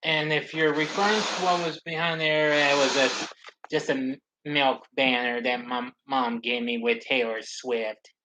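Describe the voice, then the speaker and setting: A man chatting casually on a live stream, rambling along with halting restarts and fillers. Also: mid-range voice, flat delivery, background noise.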